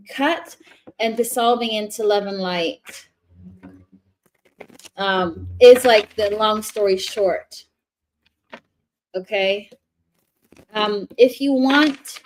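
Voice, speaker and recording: A woman's voice: fairly high pitch, a little hiss or hum. A woman giving a casual live tarot reading, chatty and rambling, often restarting her sentences. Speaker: tarot reader.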